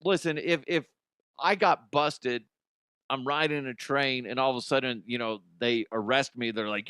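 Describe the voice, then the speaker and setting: A man's voice: mid-range voice, fairly even intonation, normal speed, fairly bright tone, clean tone, dry recording. A man hosting a comedy podcast, ranting about odd news in an exaggerated way, laughing at his own jokes, close to the mic. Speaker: podcast host.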